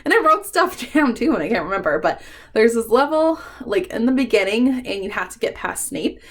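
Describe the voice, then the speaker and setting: A woman's voice: fairly high pitch, very animated, brisk. Chatty, laughing woman vlogger. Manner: chatty and swears freely, often laughing between remarks; emotional, fond rambling with frequent ums. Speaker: book vlogger. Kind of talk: casual book tag vlog.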